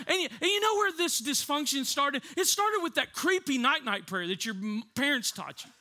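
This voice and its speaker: A man preaching a sermon with comic stories, animated, laughing often and acting out voices. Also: extremely high pitch, normal speed, few pauses.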